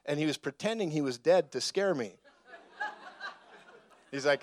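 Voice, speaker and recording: A man preaching a sermon in a conversational, storytelling way, now and then rising to shouted emphasis. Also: on the high side, expressive, normal speed, pauses often.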